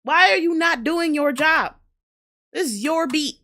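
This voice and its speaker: A woman with a New Orleans accent hosts a casual reaction show. Her voice sits a little high, and her talk is blunt, profane and heated. She rants straight at the listener with no filter. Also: a little slow, sharp tone. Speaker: host reacting to rap videos.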